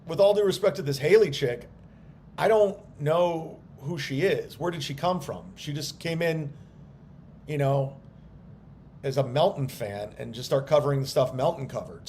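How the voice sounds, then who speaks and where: A man's voice: a little high, darkish tone, a little hiss or hum. A man, a stand-up comedian, ranting on a livestream, annoyed and defensive, swearing bluntly as he explains himself. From United States. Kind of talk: livestream rant.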